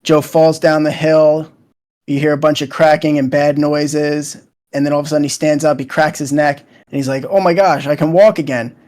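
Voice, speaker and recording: A man's voice: a little high, completely flat delivery, moderate pace, a little mellow. A young man chatting casually as a co-host, retelling scenes in a loose, rambling way with lots of fillers. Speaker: show co-host.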